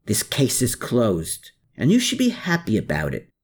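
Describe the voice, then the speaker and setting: A man's voice: medium pitch, wildly swooping pitch, moderate pace, husky. A man voicing a sneering army colonel who growls and snaps his orders in an audiobook. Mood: scornful. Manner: growling, snapping, scornful. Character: snarling, sneering middle-aged male army colonel. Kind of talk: audiobook character voice.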